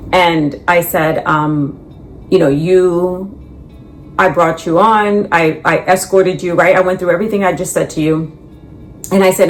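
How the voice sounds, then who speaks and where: A middle-aged woman telling the story of her layoff, with lively quotes of what others said. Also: lowish voice, a little hiss or hum. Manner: animated, quotes others in dialogue. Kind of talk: storytelling in a reacted clip.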